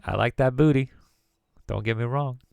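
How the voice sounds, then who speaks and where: A man's voice: medium pitch, normal speed, vocal fry, a little mellow, smooth, no echo. A man streaming from his computer at home, chatting casually and rambling into jokes and word games. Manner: rambling and jokey, riffing on words. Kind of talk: casual live-stream chat.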